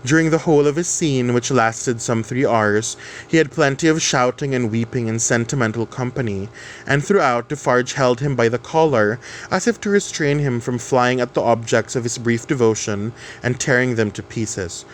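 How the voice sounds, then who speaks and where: A man's voice: mid-range voice, moderate pace, slight background noise. A man reading a novel aloud and explaining it in chatty asides, with fillers and self-corrections.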